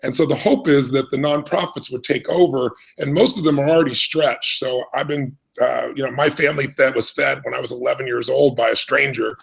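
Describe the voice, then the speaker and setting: A man's voice: mid-range voice, fairly even intonation, brisk, gravelly, hardly any pauses, fairly bright tone, slightly rough, poor audio. A middle-aged American man telling his life story as an interview guest, earnest and reflective, often restarting his sentences. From United States. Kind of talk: conversational storytelling.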